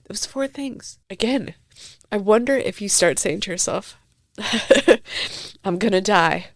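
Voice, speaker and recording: A woman's voice: medium pitch, measured pace, no echo, studio quality. A middle-aged woman hosting a podcast, teary and heartfelt as she reflects on a recorded conversation. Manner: emotional, heartfelt, soft-spoken. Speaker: podcast host.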